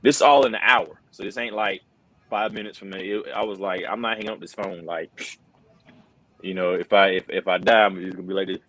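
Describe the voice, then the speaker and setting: Middle-aged male interview guest, very deep voice, earnest and casual, lots of "bro". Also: fairly even intonation, brisk, a bit bright, rough recording. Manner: earnest, says "bro" and "man" a lot, many restarts. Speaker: wrestling commentator, interview guest. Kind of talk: casual conversational storytelling.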